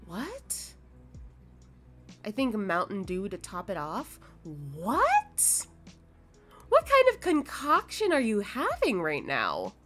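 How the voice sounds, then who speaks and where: With a mid-range, slightly bright voice, a drowsy young adult woman yawns through her game stream. She keeps up a casual back-and-forth with chat, reading messages out, replying, swearing and laughing.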